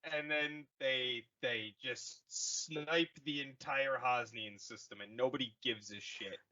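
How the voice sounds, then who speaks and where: A man's voice: mid-range voice, steady tone, slow, pushed and bright, muffled recording. A man co-hosting a casual comedy podcast, rambling through a movie retelling and slipping into goofy voices for the characters.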